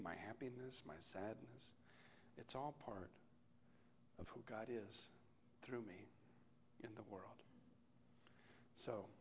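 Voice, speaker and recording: Soft-spoken conversational man preaching. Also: mid-range voice, slight background noise. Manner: conversational, reflective, often dropping to a soft close. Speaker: pastor. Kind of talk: sermon.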